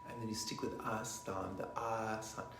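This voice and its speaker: Man, guided meditation talk, soft-spoken, whispery at times, faint background hum, roomy echo. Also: on the low side, flat delivery, normal speed. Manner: rocks forwards and back while chanting. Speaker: meditation teacher. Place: online session from a room.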